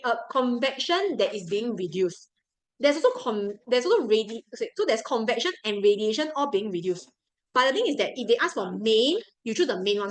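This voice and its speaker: A young woman with a Singaporean English accent teaches a live science revision class as a tutor. Her voice is fairly bright and on the high side, and the recording is rough. She chats easily and repeats key points to coax her students along.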